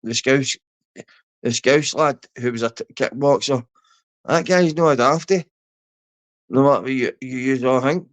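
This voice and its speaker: Unhurried and leaving long pauses, a man with a medium-pitched voice and a Scottish accent rants on his livestream. He curses, insults people and rambles while speaking to chat by name.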